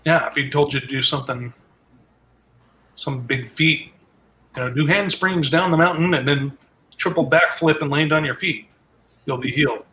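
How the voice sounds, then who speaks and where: A man's voice: fairly high pitch, normal speed, long pauses, bright, forceful tone, slight background noise, low-quality recording. A man leading a casual group Bible study, explaining scripture conversationally with asides.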